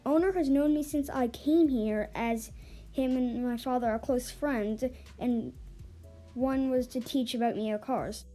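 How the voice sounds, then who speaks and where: A woman's voice: on the high side, measured pace, dark tone. A woman reading an online forum story aloud, with small stumbles and restarts along the way. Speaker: story reader. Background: faint background music.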